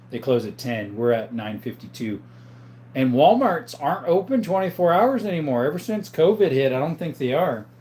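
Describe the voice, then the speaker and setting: A man's voice: mid-range voice, a little mellow. A middle-aged man hosting a casual livestream on his phone. He chats, laughs often and reads viewer comments aloud. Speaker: livestream host.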